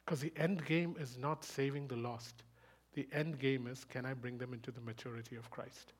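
A man preaching a sermon, fast and emphatic, asking rhetorical questions and rising into loud bursts. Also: medium pitch, fairly even intonation, husky. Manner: speaks fast.

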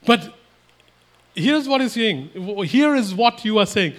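Male preacher, voice on the higher side, emphatic, sermon delivery. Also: very animated, slow, long pauses, a bit bright. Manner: emphatic, repetitive, voices imagined exchanges.

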